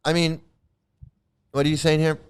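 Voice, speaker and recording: A man hosting his own channel, reacting live and circling back over the same points again and again. His voice sits on the high side for a man, and it comes across clean and resonant. He stumbles, restarts and repeats himself as he goes. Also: flat delivery, normal speed, clear, resonant tone. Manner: rambling and repetitive, many restarts. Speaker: channel host.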